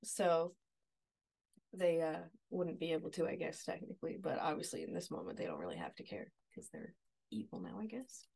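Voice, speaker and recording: A woman co-hosting a podcast, retelling a TV episode scene by scene in a relaxed, chatty way. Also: fairly low pitch, moderate pace, vocal fry, husky. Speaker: podcast co-host. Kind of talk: casual recap chat.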